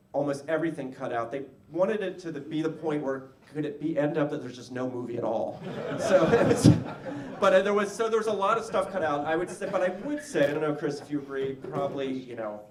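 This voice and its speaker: A man answering audience questions at a film screening Q&A, halting and rambling with many restarts. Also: mid-range voice, far from the mic, a little hiss or hum. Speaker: film writer-director guest. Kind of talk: casual panel Q&A. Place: live screening venue with audience. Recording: echoey venue audio from afar.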